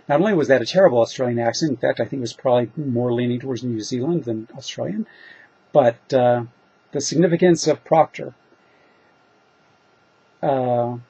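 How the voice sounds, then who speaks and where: A man's voice: mid-range voice, slightly rough. A man who writes fiction, answering reader questions in a casual, rambling monologue, thinking aloud and poking fun at himself. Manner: rambling, self-deprecating, thinks aloud with fillers. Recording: dull lo-fi recording.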